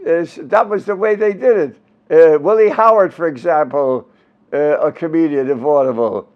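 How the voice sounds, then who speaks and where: A man's voice: on the high side, moderate pace, lo-fi sound. A man in his nineties with a Brooklyn accent, telling old stage stories in an interview and slipping into comic voices. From Brooklyn, New York. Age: 90s. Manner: animated storyteller, bursts into comic voices and sung bits. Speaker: interviewed performer. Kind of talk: casual interview with comic impressions.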